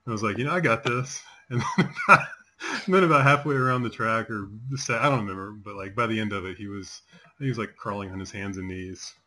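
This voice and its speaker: A man's voice: fairly low pitch, fast talker, bright, forceful tone. A man in his forties chatting casually as a host, telling rambling stories with many fillers. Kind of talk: casual chat.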